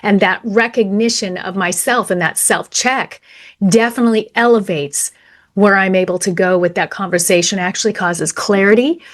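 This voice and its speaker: A woman co-hosting a podcast and speaking as a media coach. She picks up her partner's points and builds on them in relaxed, affirming conversation. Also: mid-range voice, normal speed.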